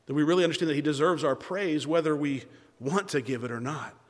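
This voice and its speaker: A man preaching a sermon at a Bible study, earnest, with dramatic pauses and restarts. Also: fairly high pitch. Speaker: pastor leading a Bible study. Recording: long hall reverb.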